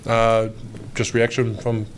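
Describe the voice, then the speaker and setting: A man's voice: mid-range voice, completely flat delivery, slow pace, slight background noise. A young New Zealand man answering reporters' questions in a casual, rambling way, dropping "mate" into nearly every sentence. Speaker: pro basketball player. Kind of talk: media day press interview.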